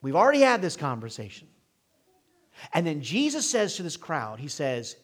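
Husky, animated male preacher. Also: on the high side, normal speed. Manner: dynamic preaching, swings from hushed to emphatic. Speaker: pastor. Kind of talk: sermon.

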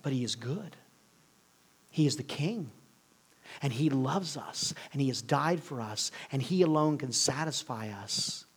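A male preacher delivers an earnest sermon in a husky, mid-pitched voice. He swings between loud, emphatic lines and hushed, near-whispered ones. His pace often slows for weight. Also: animated.

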